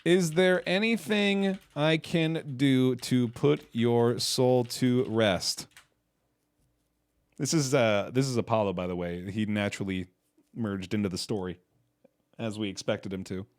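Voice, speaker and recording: A man's voice: mid-range voice, a little slow, no room sound. A man in a casual gaming video, laughing, thinking aloud and reacting as he plays a text adventure game. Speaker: game streamer.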